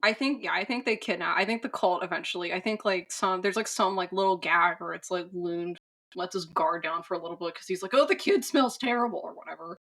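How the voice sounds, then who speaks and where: A woman's voice: on the low side, fairly even intonation, brisk, a bit bright. A woman co-hosting a podcast, recapping a film in a rambling, casual way with many fillers and frank swearing. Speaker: podcast co-host.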